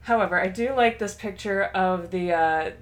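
A woman co-hosting a podcast in casual chat, retelling a story in an animated way and laughing often. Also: medium pitch, normal speed. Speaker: podcast co-host.

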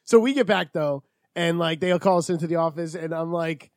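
A man's voice: a little high, fairly quick, no room sound. A man in his thirties in casual podcast chat, telling a story with lots of swearing and acting out what people said. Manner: profane, animated, acts out quotes. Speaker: podcast co-host.

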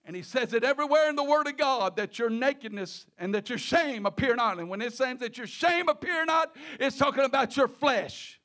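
A male preacher delivering a sermon in a halting way, often repeating words and restarting, with chuckles between phrases. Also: extremely high pitch, lively intonation, a bit bright.

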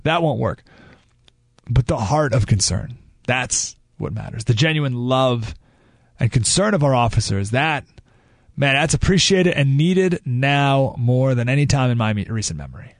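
A man's voice: medium pitch, lively intonation, measured pace, dry recording. A man hosting a radio talk show, delivering an opinionated monologue with emphatic restarts and asides, recorded on a studio microphone.

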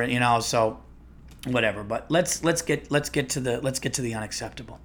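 A man's voice: medium pitch, steady tone, a little fast, a bit bright. A man, a comedian and podcast host, telling a rambling, profane story with many restarts. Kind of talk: casual storytelling monologue.

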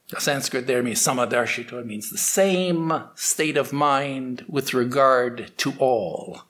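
A man giving a morning spiritual talk, telling a fable in a slow, halting way with restarts. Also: medium pitch, a bit bright. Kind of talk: sermon with storytelling.

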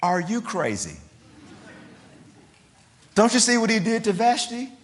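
A man's voice: sits high, big pitch swings, a little slow, voice pushed up. A man voicing a frightened young queen, talking back in an incredulous, colloquial way. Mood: alarmed. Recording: long hall reverb.

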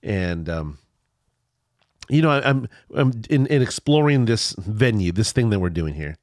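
Congested nasal man, lively pitch. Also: a little slow, no room sound, studio quality. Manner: rambling, repeats words, restarts often. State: congested, stuffy nose. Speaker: podcast host. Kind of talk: casual podcast chat.

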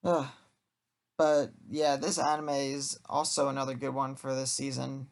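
A man's voice: mid-range voice, flat delivery, unhurried. A man co-hosting a casual chat about anime, teasing and joking dryly.

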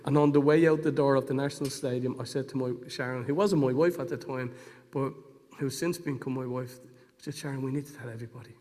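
A middle-aged man preaching his own testimony, moving between hushed moments and fervent storytelling. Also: mid-range voice, steady tone, fairly quick. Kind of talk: testimony sermon. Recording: long hall reverb.

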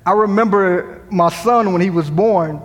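High-voiced man preaching in a reverberant hall. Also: unhurried. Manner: preaching with rising emphasis, quoting scripture; humorous asides. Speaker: pastor. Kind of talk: sermon. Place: church sanctuary.

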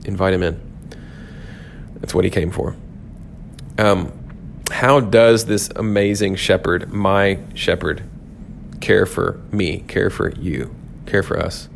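A man's voice: sits low, gravelly, slight background noise. A man hosting a devotional podcast, talking through scripture in an earnest, reflective way and repeating key phrases for emphasis. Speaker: podcast host teaching on scripture.

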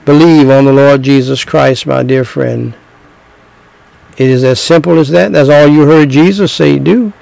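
A middle-aged man preaching a sermon, slow and emphatic, repeating phrases and telling stories. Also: mid-range voice, gravelly, a little mellow, no echo, low-quality recording.

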